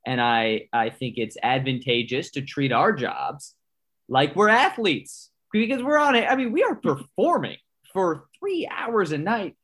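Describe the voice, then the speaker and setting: A man's voice: on the high side, sing-song, measured pace, fairly bright tone, slightly rough. Guy broadcaster hosting, keen and rambly, asks long questions. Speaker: podcast host and broadcaster. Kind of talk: casual interview chat.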